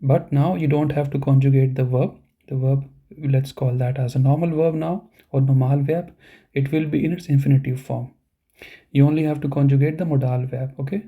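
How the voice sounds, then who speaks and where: A man's voice: mid-range voice, steady tone, moderate pace, narrow, tinny audio. A man teaching an online German class for beginners, explaining grammar step by step and often adding "you know" and "okay".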